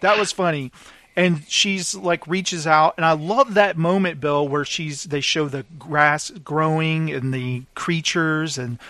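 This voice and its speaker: A man's voice: a little high, slow pace, sharp tone, no room sound. A man in casual film discussion, animatedly retelling scenes and briefly acting them out.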